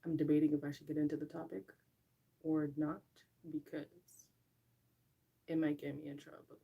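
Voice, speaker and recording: A young woman hosting a casual livestream chat, talking straight to her viewers in an animated way and laughing often. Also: sits low, moderate pace, creaky, breathy edge, narrow, tinny audio. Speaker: livestream host.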